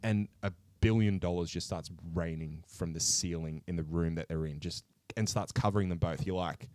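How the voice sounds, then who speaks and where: A man co-hosting a podcast, retelling a film plot in an animated, sweary way. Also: deep voice, moderate pace. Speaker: podcast co-host. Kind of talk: casual chat.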